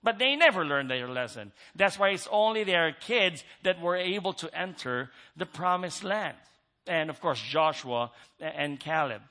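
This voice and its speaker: A man's voice: a little high, animated, normal speed, sharp tone. A man preaching a sermon in an earnest way, repeating key phrases for emphasis.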